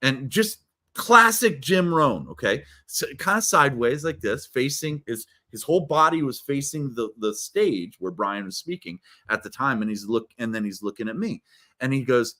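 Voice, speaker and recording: A man telling stories as a guest in a live video interview, energetic and playful. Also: medium pitch, moderate pace. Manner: energetic, playful, many restarts. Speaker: guest, keynote speaker. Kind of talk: animated storytelling in a live interview.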